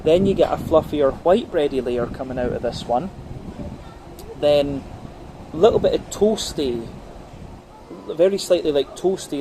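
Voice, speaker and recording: A man with a slightly high voice reviews a beer during a brewery visit, casual but methodical, unpacking the flavours layer after layer with frequent ums and uhs. Background noise is audible.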